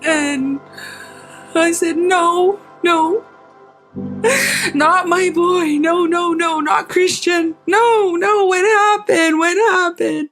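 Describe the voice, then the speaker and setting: A woman telling a documentary interviewer about a painful memory, her voice breaking into crying and shouts. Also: extremely high pitch, steady tone, slow. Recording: documentary clip with music behind. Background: music.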